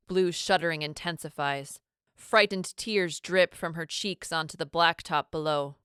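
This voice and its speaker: Low, smooth-voiced woman narrator for a dramatic audiobook, close and dry. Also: a bit bright, no echo. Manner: measured, dramatic storytelling.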